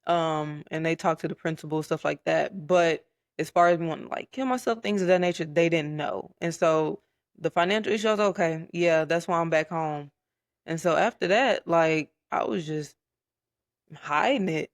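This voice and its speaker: Candid young man with a gravelly voice. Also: a little high, moderate pace, dry recording, clean studio sound. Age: young adult. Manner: candid, soft-spoken with frequent fillers and laughs. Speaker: podcast guest. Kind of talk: personal story in casual chat.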